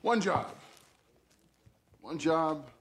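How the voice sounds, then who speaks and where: An actor playing a scheming middle-aged crime boss in a video game cutscene, smooth and taunting with a threatening edge. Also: male voice, fairly high pitch, animated, drawn-out words, fairly bright tone, slight background noise, heavily acted. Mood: menacing. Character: scheming older male crime boss, menacing and sarcastic.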